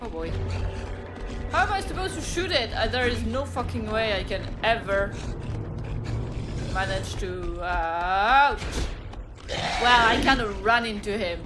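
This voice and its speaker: A woman's voice: fairly high pitch, lively intonation, measured pace, long pauses. Swearing woman gamer with game music. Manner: swears often and frets loudly at the game. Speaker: gaming streamer. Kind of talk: blind let's play commentary. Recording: loud game music behind voice.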